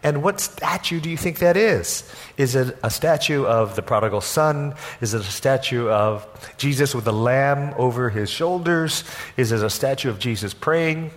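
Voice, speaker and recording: A senior pastor preaching a sermon in church, telling the story with lively acted-out voices. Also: male voice, mid-range voice, normal speed. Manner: animated storytelling, acts out quoted voices. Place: church sanctuary.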